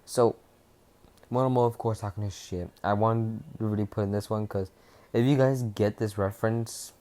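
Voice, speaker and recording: A young man casually retelling a fan-fiction story, rambling and rushed, with restarts and swearing. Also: lowish voice, fairly even intonation, warm tone.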